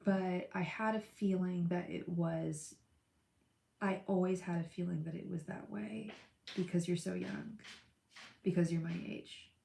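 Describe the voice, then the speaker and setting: A woman's voice: lowish voice, fairly even intonation, measured pace, creaky, mellow, echoey room, slight background noise. A young woman chatting with viewers on a live tarot stream, gushing and emotional, calling people by name. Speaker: livestream tarot reader.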